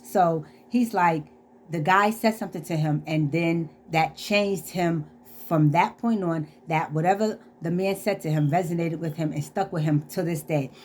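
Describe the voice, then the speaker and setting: A woman's voice: lowish voice, normal speed, a little mellow, a little hiss or hum. A woman vlogger telling a personal story and preaching positive thinking in an earnest, heartfelt way. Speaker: inspirational vlogger. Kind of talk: casual inspirational monologue.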